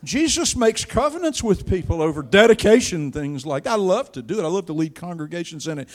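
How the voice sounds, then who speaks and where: Older guy preaching, high voice, goes from soft to loud for drama. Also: very animated, a little fast, few pauses. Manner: dramatic storytelling with sharp swings in loudness. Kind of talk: sermon.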